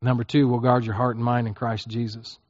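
A man's voice: mid-range voice, level tone, a little fast, darkish tone, no room sound, muffled recording. A man as a pastor preaching a conversational sermon, often checking in with the listeners and acting out prayers. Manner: conversational teaching, frequent "okay?" check-ins, acts out prayers.

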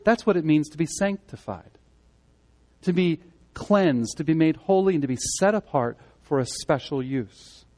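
A man giving a sermon as pastor, speaking conversationally and swinging between loud emphatic moments and quiet earnest ones. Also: on the high side, animated, normal speed. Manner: conversational preaching, rising and falling in emphasis.

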